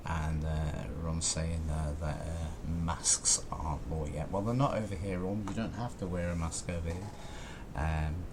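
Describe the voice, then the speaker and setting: A deep-voiced man hosts a local radio show, rambling through his chat between songs. His voice comes through a noisy broadcast with a hiss underneath. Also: steady tone, measured pace. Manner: rambling, conversational. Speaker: radio presenter.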